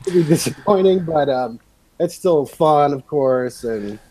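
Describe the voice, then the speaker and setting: A man's voice: fairly high pitch, lively intonation, a little slow, warm tone, slight background noise, rough recording. A man co-hosting a podcast, chatting casually in a rambling, meandering way. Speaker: podcast co-host. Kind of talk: casual chat.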